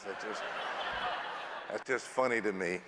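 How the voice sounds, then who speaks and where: A man's voice: fairly low pitch, unhurried, big-room sound, background noise. A male pastor preaching a sermon in a jovial way, stretching out key words for emphasis. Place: church sanctuary.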